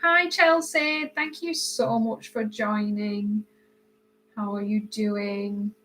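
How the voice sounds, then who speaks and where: A British woman hosts a laid-back live stream as she colors, greeting viewers by name and answering their comments. Her mid-range voice is fairly even and slow, often growing quieter while she concentrates. Soft music plays behind her, and the audio quality is poor.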